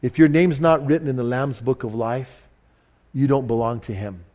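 During a church service, a pastor delivers a sermon with an anecdote, speaking in a mid-range, darkish voice at a moderate pace. He tells the story animatedly, mocks himself, and restarts his sentences often.

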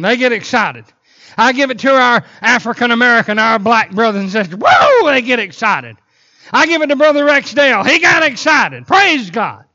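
A man preaching a sermon in a church, telling animated stories broken up by sudden whoops. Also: sits high, muffled recording. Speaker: pastor. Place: church sanctuary.

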